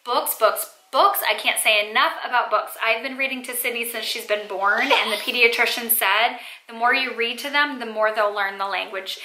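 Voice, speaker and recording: A chatty young woman talks casually to camera, her voice bright and a little high. She leans on "like" and "um" as she goes, and the room around her rings with echo. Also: moderate pace, hardly any pauses. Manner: chatty, lots of "like" and "um" fillers. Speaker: mom vlogger. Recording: echoey room.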